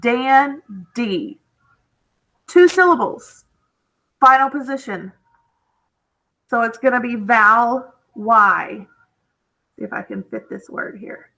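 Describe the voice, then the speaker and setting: A woman teacher giving a spelling lesson to young students, drawing out each word slowly and patiently. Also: fairly high pitch, pushed and bright, rough recording.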